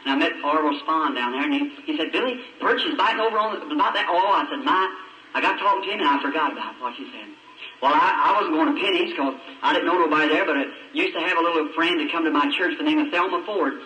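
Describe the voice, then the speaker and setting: A man's voice: a little high, fast, bright, forceful tone, recorded from a distance. Man preaching on an old echoey tape. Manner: folksy, emotional storytelling with quoted voices. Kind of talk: old recorded sermon, storytelling.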